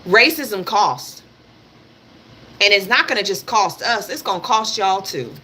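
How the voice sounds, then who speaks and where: A woman's voice: mid-range voice, expressive, a little slow, sharp tone, a little hiss or hum. A woman hosting a live stream, giving blunt, emphatic political commentary. She repeats her points, swears freely and talks straight at her audience. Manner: addresses her audience directly. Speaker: livestream host.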